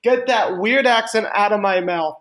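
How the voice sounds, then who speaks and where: High-voiced man rambling comedically. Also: moderate pace, fairly bright tone. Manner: rambling, stammering restarts. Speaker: podcast co-host. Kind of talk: casual comedic chat.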